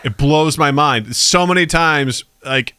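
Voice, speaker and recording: A man's voice: on the high side, slow pace, bright, forceful tone, clear, resonant tone, no room sound, studio quality. A man co-hosting a podcast in casual chat, joking around and slipping into mock voices. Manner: jokey, slips into mock voices and accents. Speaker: podcast co-host.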